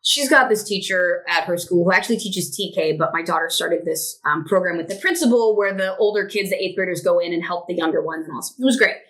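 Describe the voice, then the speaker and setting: A woman's voice: lowish voice, fast talker, few pauses, fairly bright tone. A woman in her forties co-hosting a podcast, telling long, rambling stories in casual chat and swearing freely. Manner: profane, rambling storyteller. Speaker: podcast co-host.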